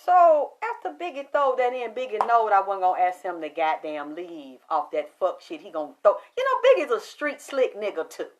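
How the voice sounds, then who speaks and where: A woman telling a story about a spiritual reading to an audience in a casual, animated way, full of cursing and sudden excited jumps in pitch. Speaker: spiritual medium recounting a reading.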